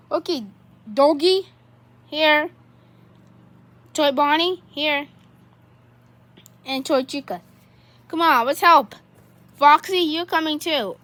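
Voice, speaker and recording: Woman running a homemade toy skit, high voiced, bright, unhurried, rambling delivery. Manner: excitable, rambling, with many restarts. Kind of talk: plush toy skit, one person doing all voices.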